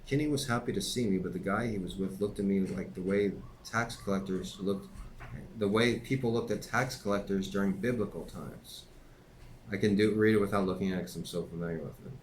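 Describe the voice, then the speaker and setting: A man's voice: deep voice, fairly quick, a little hiss or hum, poor audio. A man reading his own memoir aloud in a plain conversational way, with occasional slips and offhand asides.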